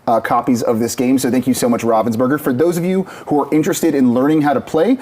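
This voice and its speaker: A man's voice: mid-range voice, fast talker, a little mellow. A man co-hosting a live game stream, chatting casually and playfully, rambling with lots of restarts. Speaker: co-host.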